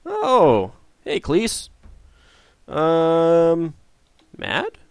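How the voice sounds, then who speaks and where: A man casually commenting while playing a game, musing and hesitant with many pauses. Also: mid-range voice, huge pitch swings, a bit bright, no room sound. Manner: musing, hesitant, lots of uhs. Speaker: let's player.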